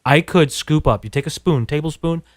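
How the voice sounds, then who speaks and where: A man's voice: fairly high pitch, moderate pace, no echo, clean studio sound. A man, a radio engineer co-hosting, chatting casually in a wry way with tangents and frequent ums. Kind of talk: casual chat.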